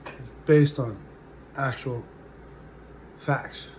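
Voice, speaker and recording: Halting, soft-trailing man in his forties. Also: mid-range voice, steady tone, slight background noise. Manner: halting, full of "uh" and "you know", trailing off softly. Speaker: vlogger. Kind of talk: personal storytelling to camera.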